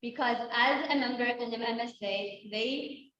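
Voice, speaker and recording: A woman's voice: on the high side, unhurried, fairly bright tone. A young woman in her twenties giving a sincere, slightly nervous prepared talk as a student speaker. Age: 20s. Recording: very echoey, muffled room sound with faint noise.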